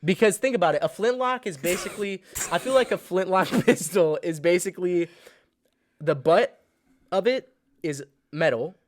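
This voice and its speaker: A young man co-hosting a comedy podcast, talking in excitable, profane banter and laughing often. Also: sits high, normal speed, a little hiss or hum. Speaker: podcast co-host.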